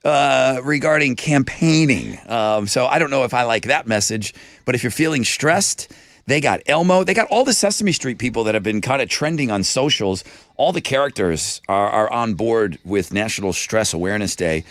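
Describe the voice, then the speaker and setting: Man, radio host, joking banter, swinging pitch. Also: normal speed, dry recording, studio quality. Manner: animated, joking, reads live ad reads. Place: radio studio.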